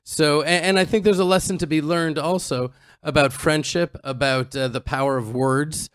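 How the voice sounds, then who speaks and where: A man's voice: fairly high pitch, fairly even intonation, normal speed, fairly bright tone, smooth. A man co-hosting a casual chat, teasing and joking with his friend. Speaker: co-host. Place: outdoors on a farm in the mountains.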